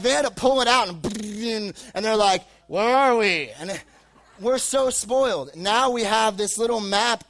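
A man's voice: high voice, a bit bright. A young man giving a casual sermon to a live audience, telling a rambling, joking personal story full of fillers. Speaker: youth preacher. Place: live talk before an audience.

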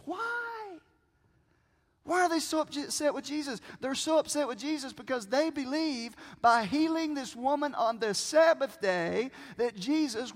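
A man preaching a sermon from a church stage, who asks the congregation questions and pauses for effect. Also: very high voice. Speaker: pastor. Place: church sanctuary with a screen. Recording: long reverb of a large hall.

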